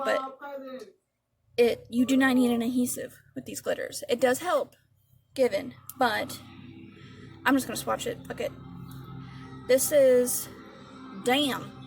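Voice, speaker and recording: A woman's voice: fairly high pitch, gravelly. A woman chatting casually about her favorite makeup, rambling and swearing now and then. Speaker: beauty vlogger. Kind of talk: casual product review.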